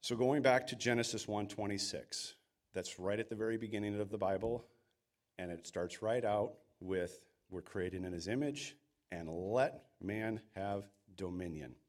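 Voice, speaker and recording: A man's voice: fairly low pitch, unhurried. A man preaching a sermon in an earnest, emphatic way, sometimes acting out quoted voices. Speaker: pastor.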